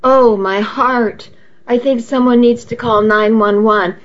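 A woman reading aloud and voicing a vain, dramatic middle-aged mother who talks in a shrill, self-pitying way, on a dull lo-fi recording. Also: steady tone, takes it slowly. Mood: indignant.

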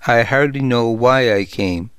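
A man voicing a proud, wronged young royal woman in an audiobook, keeping her lines low and restrained. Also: measured pace, fairly bright tone, clear, resonant tone, no room sound, natural voice. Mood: tearful.

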